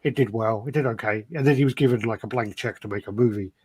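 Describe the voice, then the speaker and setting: A man's voice: on the low side, fast, slightly rough, no room sound. A man co-hosting a collectibles podcast, telling long rambling stories in casual chat and swearing freely. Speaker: podcast co-host.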